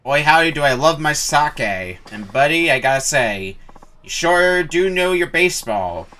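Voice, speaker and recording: A man voicing a drunk, brash former baseball ace from a video game, folksy and quick to anger. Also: fairly high pitch, animated, sharp tone, voice pushed up. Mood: jovial. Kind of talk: reading game dialogue aloud.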